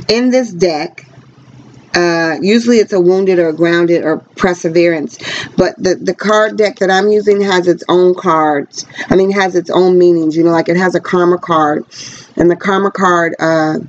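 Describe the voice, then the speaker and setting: A woman giving a casual tarot reading, talking in a rambling, chatty way with quick pressured speech and a blunt, frank manner. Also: lowish voice, fairly even intonation. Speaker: tarot card reader. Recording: dull lo-fi recording.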